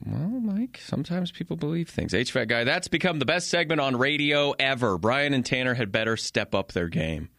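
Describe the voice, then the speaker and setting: A man's voice: mid-range voice, expressive, moderate pace, few pauses, sharp tone, no room sound, studio quality. A man hosting a sports talk radio show, bantering and teasing his co-host.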